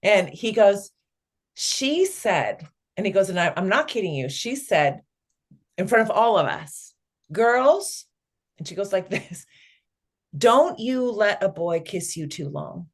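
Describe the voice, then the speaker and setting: A woman's voice: medium pitch, very animated, takes it slowly, breathy edge. A middle-aged woman, a guest on an interview podcast, telling a family story and acting out the dialogue.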